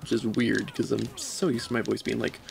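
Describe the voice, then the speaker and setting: A man's voice: on the low side, flat delivery, normal speed, vocal fry, slight background noise. A man streaming a game and chatting casually, laid-back and joking at his own expense. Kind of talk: casual gaming livestream chat.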